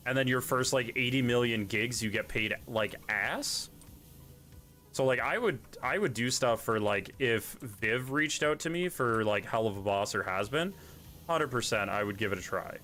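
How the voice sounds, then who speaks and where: A man's voice: mid-range voice, moderate pace, pushed and bright. A young man hosting a livestream, chatting casually and rambling with lots of ums and restarts. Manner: rambling, with many fillers and restarts. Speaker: livestream host. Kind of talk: casual chat during a game stream.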